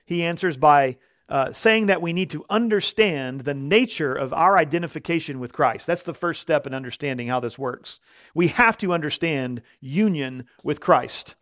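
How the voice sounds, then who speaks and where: A male pastor preaching a sermon, growing loud and slow on key words and when quoting scripture. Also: on the high side.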